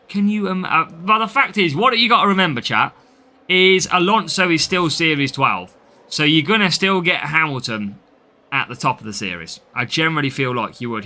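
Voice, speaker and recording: A young man with a Midlands accent commentates his mobile racing game live, talking casually to his viewers and welcoming them one by one. His voice is very bright and sharp, and it sits a little high for a man. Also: sing-song, normal speed. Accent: English Midlands. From English Midlands. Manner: chatty, reads out and answers viewer names. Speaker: game streamer.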